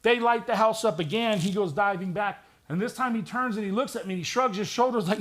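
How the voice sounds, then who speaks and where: Retired cop guy telling his story at church, kinda high voice, dramatic w/ dry jokes. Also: a little fast, few pauses, a bit bright. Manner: vivid, dramatic retelling with wry humor. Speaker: retired police detective. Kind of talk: personal testimony storytelling.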